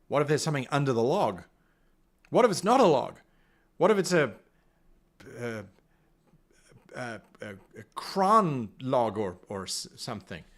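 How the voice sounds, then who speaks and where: A man's voice: medium pitch, big pitch swings, measured pace, long pauses, voice pushed down. A man voicing a young male woodland warrior who nervously second-guesses himself in rambling questions. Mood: fretful.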